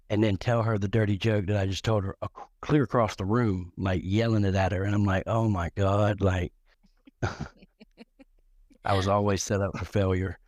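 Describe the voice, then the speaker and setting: Low-voiced rambling middle-aged man. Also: darkish tone, no echo. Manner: rambling, with many restarts and repeated words; crude, joking humor. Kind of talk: casual storytelling on a live talk show.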